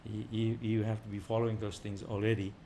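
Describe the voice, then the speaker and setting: Visiting speaker, male, energetic informal class, light background noise. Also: on the low side, fast. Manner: animated, rising loud for emphasis, chuckling.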